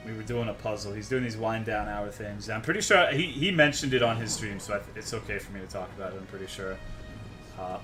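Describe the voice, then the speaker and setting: A man's voice: on the low side, quick pace, music in the background. A man streaming a game, ranting to his chat in a worked-up, profane way. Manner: profane, worked-up, swears constantly.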